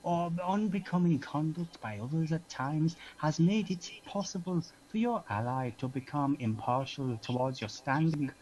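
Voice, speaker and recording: A man's voice: on the high side, lively intonation, normal speed, hardly any pauses, a little mellow, muffled recording, natural voice. A man voicing a would-be Welsh reader, stumbling hesitantly through a formal email. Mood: stilted. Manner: hesitant, stumbling over words.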